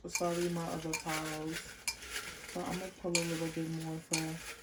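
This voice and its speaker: A woman giving a casual pick-a-card tarot reading, chatty and unhurried as she lists card words one by one. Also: low voice, completely flat delivery, heavy background noise. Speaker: tarot reader.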